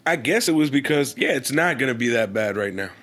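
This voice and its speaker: Young dude talking wrestling, voice jumps all over, lots of slang. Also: male voice, medium pitch, brisk. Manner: animated, slangy, swears and laughs often. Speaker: podcast co-host. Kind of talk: casual wrestling chat.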